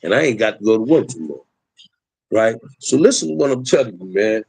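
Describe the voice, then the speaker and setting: A man's voice: on the low side, lively intonation, a little fast, gravelly, a little mellow, husky, no room sound, low-quality recording. A middle-aged man, talking emphatically in a preachy street style as host of a livestream. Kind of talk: impassioned livestream talk.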